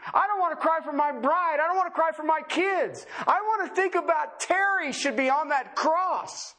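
A man's voice: very high-pitched, bright, forceful tone. A pastor preaching an impassioned sermon, driving his points home with repeated, emphatic questions to his congregation. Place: church service before a congregation.

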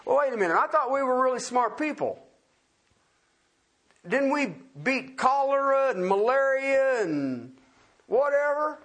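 A man's voice: extremely high pitch, big pitch swings, measured pace, pauses often, fairly bright tone. A man preaching a sermon in a folksy, emphatic way, firing off rhetorical questions and repeating key words.

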